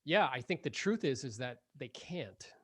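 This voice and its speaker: Animated podcast host man, dry close sound. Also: medium pitch, moderate pace, slightly rough, dry recording. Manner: animated, laughs often, filler-heavy. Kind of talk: casual interview chat.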